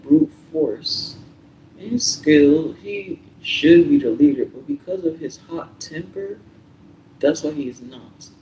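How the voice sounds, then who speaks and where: A young man chatting casually and meanderingly, soft-spoken with frequent fillers and pauses. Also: on the high side, slight background noise. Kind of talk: casual rambling chat. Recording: echoey room, mic at a distance.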